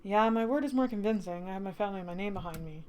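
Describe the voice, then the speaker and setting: A calm young nobleman explains himself in a quick, level, resigned voice. He sounds worn down by duty in this game story, read by a woman in near her own voice. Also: mid-range voice, lightly acted.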